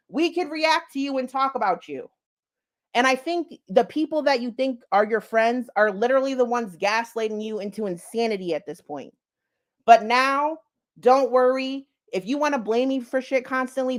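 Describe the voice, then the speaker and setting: Blunt, foul-mouthed woman vlogger. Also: fairly high pitch. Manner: blunt and profane, talks straight to viewers. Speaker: online commentary vlogger. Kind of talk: casual drama commentary.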